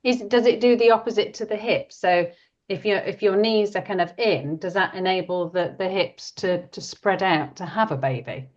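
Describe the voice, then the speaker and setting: A woman's voice: medium pitch, moderate pace, lo-fi sound. A woman in a casual group discussion, asking a question tentatively.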